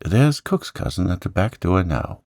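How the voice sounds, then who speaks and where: A man voicing a stubborn working-class manservant with rough country speech in a storybook. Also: low-pitched, wildly swooping pitch, moderate pace, darkish tone, no room sound, clean studio sound, full character voice. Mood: grumbling. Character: gruff stubborn male servant, working class.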